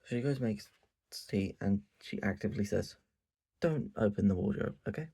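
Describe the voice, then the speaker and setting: Creaky-voiced man recapping manga, swearing freely. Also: lowish voice, moderate pace. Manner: animated, swears a lot, acts out quotes. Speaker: channel host. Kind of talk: casual profane manga recap.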